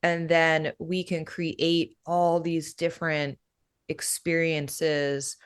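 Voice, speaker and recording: Deep, clear, and resonant, this breathwork facilitator's voice moves at a slow pace. She explains her practice casually, often dropping in "you know" and "right?"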